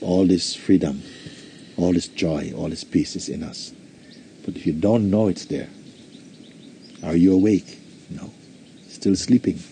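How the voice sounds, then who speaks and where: A man, a spiritual teacher, giving a satsang talk and telling a story in a gentle, unhurried way. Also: low voice, slight background noise.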